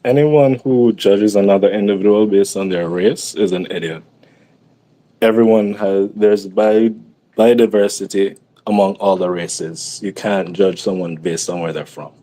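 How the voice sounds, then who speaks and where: Soft-spoken low-voiced man debating. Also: steady tone, unhurried, no echo. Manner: conciliatory, hesitant, repeating himself. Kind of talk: online debate closing statement.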